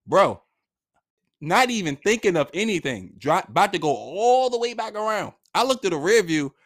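Guy telling a wild story, slangy, swears a lot, voice jumps all over, kinda high. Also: sing-song, normal speed, a bit bright. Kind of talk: casual storytelling.

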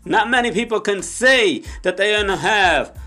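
A young man with a slightly high voice preaches with fervor, hammering repeated phrases at his listeners. Now and then he sinks into a soft, hushed prayer. Faint music plays underneath. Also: unhurried. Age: young adult. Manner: impassioned, repeats phrases, addresses audience often; drops to soft low prayer in Spanish. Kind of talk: sermon.

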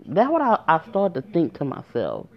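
A creaky, deep female voice with wildly swooping pitch moves at normal speed through a personal story. The vlogger addresses her viewers directly in an emotional, casual manner, and the lo-fi recording sounds dull.

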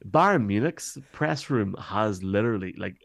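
A man's voice: on the low side, expressive, a little slow, gravelly, no room sound, clean studio sound. An Irish man, a podcast guest, chatting enthusiastically in a rambling way with many restarts. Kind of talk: casual chat.

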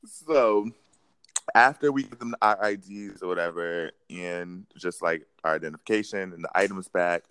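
A young man telling a funny story in casual chat, animated and slangy, often breaking into laughter. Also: low-pitched, normal speed, clear, resonant tone, no room sound. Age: young adult.

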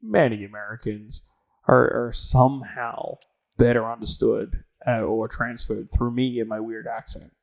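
A man's voice: medium pitch, fairly even intonation, unhurried, creaky, low-quality recording. A man with an Australian accent, a podcast guest chatting casually with dry, joking remarks. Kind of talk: casual chat.

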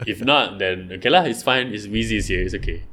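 A young man, co-hosting a casual podcast chat about rap, rambling and relaxed with lots of fillers. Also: fairly low pitch, brisk, slight background noise. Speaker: podcast co-host.

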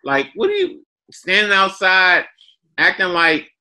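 Bright, lively man telling stories. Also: measured pace. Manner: expressive, acts out quotes with big pitch swings. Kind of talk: casual storytelling chat.

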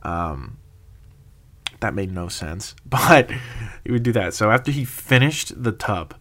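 A man's voice: on the low side, lively intonation, slow, fairly bright tone. Laid-back young man rambling a story. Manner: rambling, laughs often, many fillers. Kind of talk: casual storytelling monologue.

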